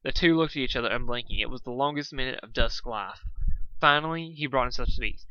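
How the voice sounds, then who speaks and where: A man reading fan fiction aloud in a lively, dramatic storytelling way. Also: medium pitch, fast, dull audio. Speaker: fanfic reader.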